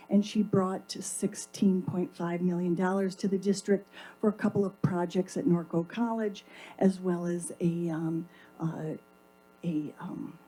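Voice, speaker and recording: A woman's voice: medium pitch, warm tone, poor audio. A woman speaking as a legislative staff representative, giving a polite, formal update with a few hesitations. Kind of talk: formal public statement. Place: council chamber.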